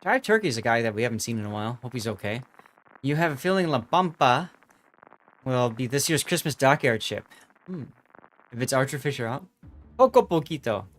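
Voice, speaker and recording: A man's voice: medium pitch, animated, fairly quick, long pauses, fairly bright tone, soft background music. A man streaming a naval battle game, chatting casually with viewers, laughing often and repeating his words.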